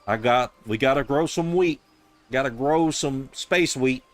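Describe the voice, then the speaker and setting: A man putting on a higher voice to mock a cheerful, oblivious farmer character from a game. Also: moderate pace, natural voice. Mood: mocking, chipper. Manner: chirpy and oblivious. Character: dim, cheerful male farmer NPC.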